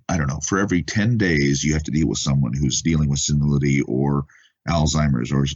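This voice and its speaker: A man with a very low, husky voice talks through an interview, stopping and restarting as he gets emotional. The recording sounds dull and lo-fi. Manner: halting, emotional, many restarts. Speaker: author being interviewed. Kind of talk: conversational interview.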